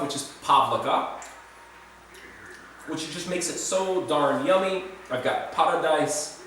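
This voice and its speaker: A man's voice: mid-range voice, fairly bright tone, slight background noise. Chatty man, echoey distant mic. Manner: chatty, self-deprecating, rambling. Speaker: food vlogger. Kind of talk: rambling casual food vlog. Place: indoors in Serbia, roomy space.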